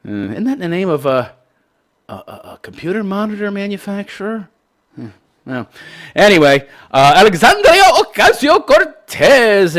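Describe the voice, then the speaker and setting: A man hosting a live online show, ranting in casual, sarcastic and profane commentary. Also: fairly high pitch.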